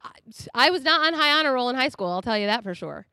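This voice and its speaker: Chatty, animated female preacher with a high voice and a dry, close sound. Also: fast talker, smooth, dry recording. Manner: animated and chatty, laughs often. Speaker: speaker. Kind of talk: sermon.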